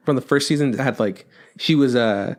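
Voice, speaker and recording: A rambling, animated male podcaster. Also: mid-range voice. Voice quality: swears a lot, acts out scenes in quick quoted voices. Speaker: podcast co-host. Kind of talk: casual chat.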